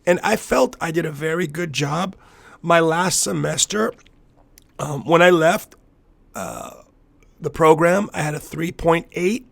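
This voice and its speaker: Gravelly man telling a personal story. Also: fairly high pitch, unhurried, a bit bright, no room sound. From US–Mexico border region. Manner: reflective, rambling, with frequent restarts. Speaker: podcast host and capoeira master.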